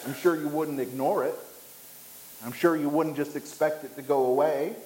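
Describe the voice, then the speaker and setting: A man's voice: steady tone, darkish tone, slight background noise. Man preaching in an echoey church. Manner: emphatic preaching with dramatic pauses and rising pitch. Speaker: pastor. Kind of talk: sermon.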